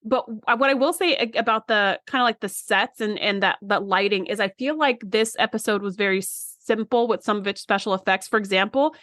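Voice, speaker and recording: A woman's voice: medium pitch, a little fast, few pauses, fairly bright tone. A woman co-host talks through an episode in loose, rambling chat, with a mid-range voice. She often restarts sentences. Her voice sounds close and dry, with no room echo. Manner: rambling, restarts often, mimics characters in quotes. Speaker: podcast co-host. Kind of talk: casual episode recap chat.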